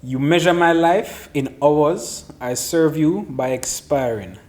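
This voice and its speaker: A man's voice: fairly high pitch, slow, a little mellow. A man hosting a casual chat show, reading riddles aloud and teasing his friends. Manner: teasing, laughs often.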